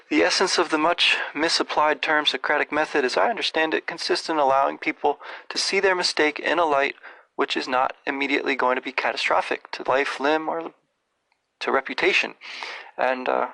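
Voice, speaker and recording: Male host, measured digressive commentary, bright crisp tone, dry close mic. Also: mid-range voice, no echo, rough recording. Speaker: podcast host. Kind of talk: reflective literary commentary.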